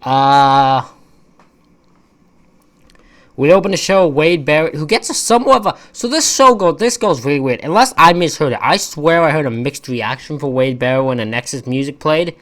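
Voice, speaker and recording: A man's voice: fairly high pitch, expressive, brisk, few pauses, fairly bright tone. A man giving a casual, rambling wrestling-show recap, full of opinionated and exasperated asides. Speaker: wrestling reviewer.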